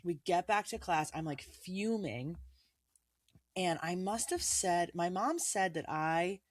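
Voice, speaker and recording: A woman co-hosting a podcast, chatting casually and telling animated stories in which she acts out what people said. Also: fairly low pitch, slow, no room sound, clean studio sound. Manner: animated storytelling, acts out quoted lines. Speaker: podcast co-host. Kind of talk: casual chat.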